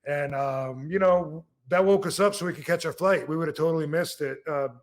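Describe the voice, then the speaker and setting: A man's voice: fairly high pitch, brisk. A man in his fifties from Michigan, hosting a casual podcast chat and telling a long story, repeating words and acting out old quotes. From Michigan, USA. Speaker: podcast host, former wrestler.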